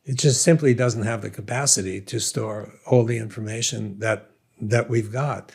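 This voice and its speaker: A man's voice: on the low side, steady tone, moderate pace, gravelly, darkish tone, husky. An older man with a Brooklyn accent, a scientist guest talking through ideas in an interview, thoughtful and self-deprecating. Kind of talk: conversational interview.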